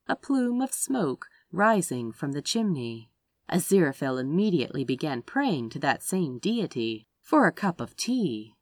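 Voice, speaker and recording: A woman narrating a story aloud with an expressive reading. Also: low voice, no echo. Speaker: audiobook reader.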